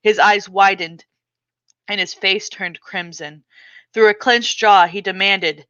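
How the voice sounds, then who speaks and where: Casting: a woman author reading her memoir aloud with a bright, crisp voice, expressive and dramatic, on a slightly dull recording. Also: medium pitch, slow pace, dry recording.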